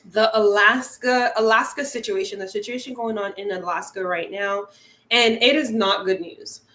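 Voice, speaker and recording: A woman's voice: on the high side, fairly bright tone, roomy sound. A woman hosting a nature livestream, chatting casually with many fillers and small laughs. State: teary burning eye. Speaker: wildlife channel host.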